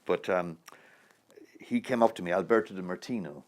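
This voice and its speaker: A man in his sixties with a very low, deep voice talks about his acting life. He rambles from one anecdote to the next and chuckles as he goes. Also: normal speed. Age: 60s. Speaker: actor. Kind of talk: interview answers.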